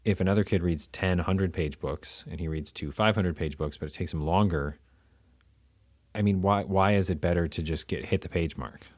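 Deep-voiced man in casual chat. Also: moderate pace, darkish tone, no echo. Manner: thoughtful, hedging, restarts phrases.

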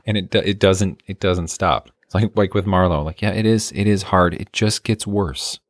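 A father co-hosting a casual podcast, relaxed with a dry sense of humor. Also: sits low, moderate pace, no room sound. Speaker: podcast co-host. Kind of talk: casual chat.

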